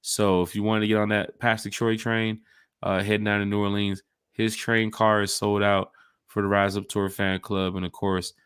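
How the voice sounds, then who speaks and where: A man hosting a casual sports podcast, talking in an animated way that jumps between hype and jokes. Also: lowish voice, normal speed, clean tone, no room sound, studio quality. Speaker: podcast host.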